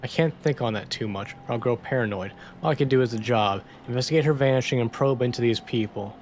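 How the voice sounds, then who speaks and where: A man playing a detective game, casually reading its text aloud and thinking out loud between lines. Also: medium pitch, fast, slight background noise. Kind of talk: let's-play narration.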